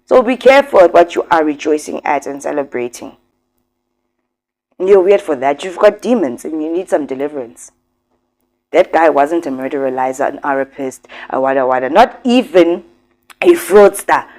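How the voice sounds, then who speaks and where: A woman's voice: low-pitched, expressive, normal speed, darkish tone. Emphatic woman commentary host. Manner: emphatic, talks straight to viewers. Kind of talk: casual commentary vlog.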